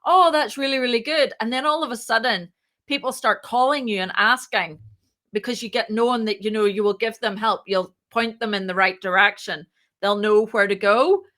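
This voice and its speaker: A woman, a startup founder, telling her story as a podcast guest, lively and acting out the voices in her anecdotes. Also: medium pitch, moderate pace. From moved to Ireland. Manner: lively, acts out quoted dialogue. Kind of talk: casual interview storytelling.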